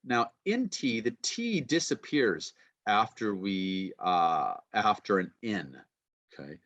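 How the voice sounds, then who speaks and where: A man's voice: on the low side, sing-song, takes it slowly, a bit bright, highs cut off. A man giving an online pronunciation lecture, chatty and checking in with his listeners. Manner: chatty, peppers talk with "okay" and checks in with listeners. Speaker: university lecturer. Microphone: computer mic on a video call.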